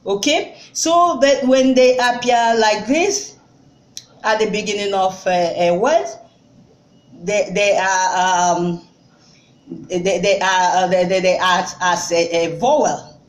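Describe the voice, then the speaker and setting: A woman with a Nigerian accent, a native Igbo speaker, giving an informal spoken language lesson with many fillers and restarts, and repeating words slowly for learners. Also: medium pitch, fairly even intonation. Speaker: language tutor. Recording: echoey room.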